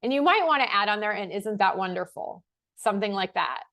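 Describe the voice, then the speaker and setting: A woman at an ordinary, middle pitch who hosts a motivational talk. She repeats affirmations slowly and with weight, then slips into casual, self-mocking asides. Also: expressive, creaky, a bit bright. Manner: slow, emphatic repetition of affirmations; laughs and self-corrects casually. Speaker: life coach host.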